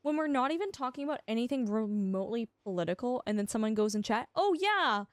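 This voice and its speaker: A woman's voice: on the high side, fast talker, darkish tone, no echo, clean studio sound. A young woman streaming a game, chatting with her viewers and often restarting her sentences. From Canada. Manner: chatty, answers chat, stammers and restarts. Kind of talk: casual livestream chat.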